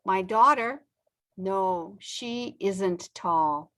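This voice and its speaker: A middle-aged woman teaching a beginner English lesson, saying example sentences slowly with frequent pauses. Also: mid-range voice, fairly bright tone. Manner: stretches out example sentences, pausing often. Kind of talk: slow, deliberate ESL lesson.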